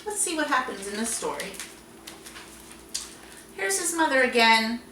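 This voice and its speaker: Lively sing-song librarian woman, echoey. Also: on the high side, unhurried, far from the mic, slight background noise. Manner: animated, sing-song, talking to young children. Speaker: children's librarian. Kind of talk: storytime with songs and reading aloud. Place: library room. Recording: echoey room, voice a bit off-mic.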